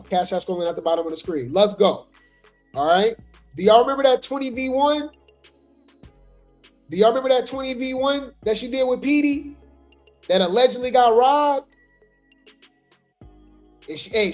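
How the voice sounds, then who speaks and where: A woman's voice: medium pitch, a little mellow. A woman hosting a casual gossip commentary livestream, talking straight to her viewers. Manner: chatty, talks straight to the viewers. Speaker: host of a gossip commentary show.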